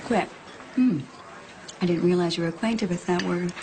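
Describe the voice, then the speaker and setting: An actress playing a blunt, sharp-tongued woman who challenges her friend with sarcastic questions. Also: on the low side, moderate pace, background noise, natural voice. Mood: challenging. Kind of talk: TV movie acting.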